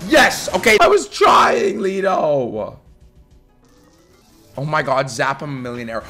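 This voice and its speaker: A young man streaming slots live to his chat, swearing constantly and bursting into screaming hype, his voice going hoarse. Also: fairly high pitch, pushed and bright. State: losing his voice. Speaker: gambling streamer. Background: faint slot game music.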